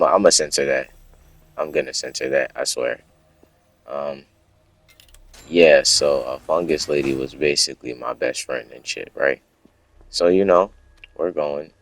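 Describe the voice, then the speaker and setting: Extremely low-pitched with vocal fry, this young man spins an off-the-cuff, profane story for his vlog audience, wandering into tangents and fixing his own words as he goes.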